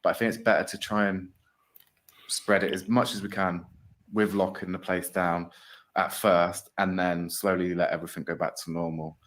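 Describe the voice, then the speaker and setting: A man's voice: sits low, level tone, moderate pace, fairly bright tone. A man being interviewed, chatting casually and rambling with lots of fillers.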